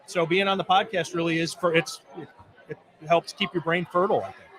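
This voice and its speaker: An animated man with a slightly high voice chats as a guest on a live podcast in a pizza bar. He jokes easily and acts out what people might say. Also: fairly quick, some chatter behind. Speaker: sports journalist guest. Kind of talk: casual chat.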